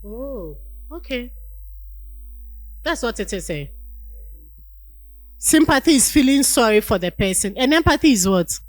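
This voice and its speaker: A woman's voice: on the high side, sing-song, measured pace, long pauses, dry recording, poor audio. A woman giving a university lecture on leadership, acting out everyday scenes and asking the class rhetorical questions.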